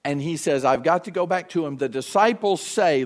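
A lively male preacher delivers a sermon, his pitch leaping high and low as he plays out the people he quotes. His voice sits a little high for a man. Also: moderate pace, hardly any pauses. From United States. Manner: animated, acts out quoted voices. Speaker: pastor.

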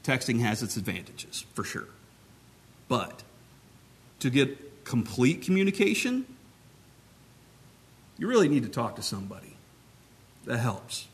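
A man's voice: mid-range voice, very animated, a little slow, pauses often. A man preaching a teaching sermon in a conversational way, explaining points plainly and talking with his hands. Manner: conversational, talks with his hands, many restarts.

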